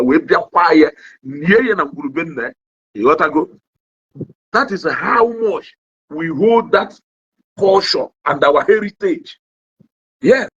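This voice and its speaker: A young Nigerian online commentator with an Igbo accent delivers an animated, sermon-like rant to his livestream audience, his slightly high voice husky at the edges and swinging in pitch. He code-switches mid-sentence and keeps asking "you understand?" The recording sounds dull and lo-fi.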